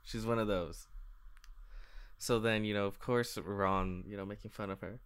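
A man's voice: on the low side, steady tone, moderate pace, a bit bright, clean tone. Foul-mouthed sarcastic man. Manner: profane, sarcastic, stammering restarts. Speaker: podcast co-host. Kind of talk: casual book-club chat.

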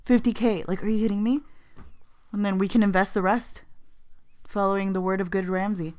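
A young woman co-hosting a casual podcast in a bubbly, playful way, quick to laugh and full of "like.". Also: mid-range voice, fairly even intonation, darkish tone. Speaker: podcast co-host.

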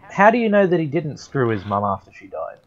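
A man cohosting a podcast, cracking dark one-liners and chuckling at them. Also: mid-range voice, very animated, fairly quick. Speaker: podcast co-host. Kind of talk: crude comedy banter. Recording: dull lo-fi podcast audio.

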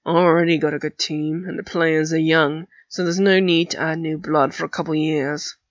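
A woman reading aloud, voicing a gruff, scheming teenage boy who captains a sports team, speaking low and bluntly. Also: little pitch movement, normal speed, dry recording, lo-fi sound. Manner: blunt and dismissive.

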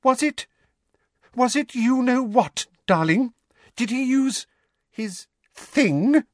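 A man doing a shrill fretful aunt. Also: very animated, a little slow, fairly bright tone, dry recording, clean studio sound, exaggerated voice. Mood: frantic, shrill. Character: shrill fussing middle-aged mother.

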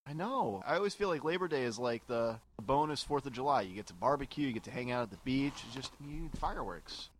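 A man chatting casually on a podcast, reacting quickly and making playful joking asides. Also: mid-range voice, expressive, slight background noise. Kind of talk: casual chat.

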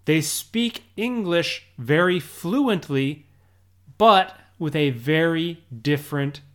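Slow, deliberate American English teacher. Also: medium pitch. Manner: slow, deliberate explaining, often checks in with "right?". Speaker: English teacher podcast host. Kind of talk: podcast lesson for English learners.

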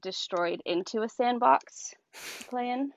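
A woman's voice: fairly high pitch, measured pace, no echo. Giggly woman with dull, dry sound. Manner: rambling with lots of fillers and giggles. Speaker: guest. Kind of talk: casual chat. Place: on her bed.

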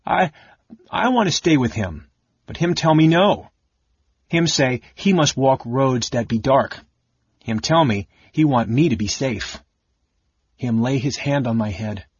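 A man's voice: mid-range voice, animated, a little slow, pauses often, slightly rough, no echo, highs cut off, voice pushed up. A man voicing a ragged female gully dwarf who speaks in broken pidgin. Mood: tearful.

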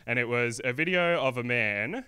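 A man's voice: medium pitch, animated, moderate pace, noisy background. A young man doing a rambling, self-deprecating stand-up set on a comedy hall stage.

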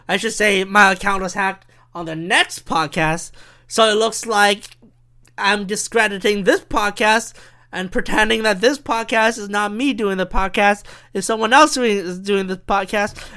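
A young man with a high, bright, crisp voice talks alone on his podcast. He rambles from thought to thought, swears freely and keeps stopping to restart his sentences. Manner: rambling, profane, self-interrupting. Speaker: podcast host. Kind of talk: rambling solo podcast monologue.

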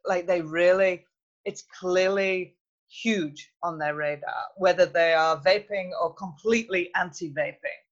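Podcast guest, measured and reflective, mid-pitched, muffled lo-fi sound. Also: fairly even intonation. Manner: thoughtful, measured, with frequent fillers. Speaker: interview guest, youth health researcher. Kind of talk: conversational interview.

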